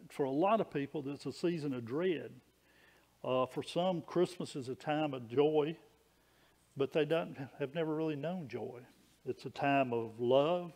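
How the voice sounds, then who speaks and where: A man's voice: medium pitch, vocal fry, a little mellow. A man preaching a sermon in a folksy, conversational way, with small stories and frequent restarts.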